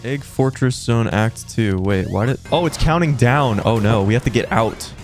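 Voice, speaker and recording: A young man giving gameplay commentary with live reactions, excitable, swearing and yelling at the game. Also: medium pitch, normal speed. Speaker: gaming video creator. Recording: game music playing behind the voice.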